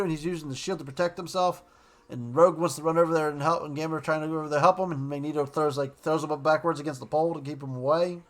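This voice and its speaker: Casting: man, slightly higher voice, loose rambling reviewer, gets excited retelling scenes. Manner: rambling, excited, quotes characters in passing. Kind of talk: casual recap and review.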